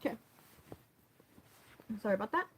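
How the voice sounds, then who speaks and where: A woman's voice: moderate pace, a bit bright, poor audio. A woman reading a fan story aloud, who laughs often, stumbles over words and breaks off to comment. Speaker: story reader.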